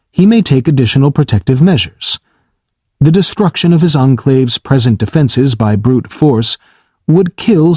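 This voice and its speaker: A man reading a calm, precise battleship AI. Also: medium pitch, no room sound, studio quality, lightly acted. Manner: measured, precise, unflinching. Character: calm formal self-aware battleship AI. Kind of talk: audiobook character reading.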